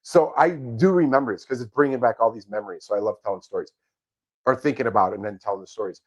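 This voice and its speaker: A man's voice: fairly low pitch, fast, husky. A middle-aged man co-hosting a casual live chat about a reality show, telling rambling, sentimental stories. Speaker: co-host of a reality TV podcast.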